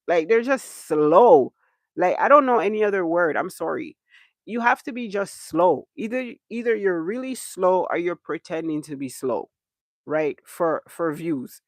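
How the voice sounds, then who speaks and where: A man hosts a casual livestream rant, exasperated and emphatic, circling back over his points. His voice sits fairly high with a gravelly rasp. The sound is dry and close, with no room echo. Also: lively intonation, unhurried. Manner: exasperated, emphatic, repeats himself for effect. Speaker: livestream host.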